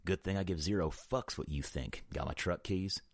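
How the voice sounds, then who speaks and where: A man acting out a bitter young country singer who is gruff, profane and sneering. His voice is extremely deep and bass-heavy, recorded dry and close in a studio. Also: moderate pace, dry recording.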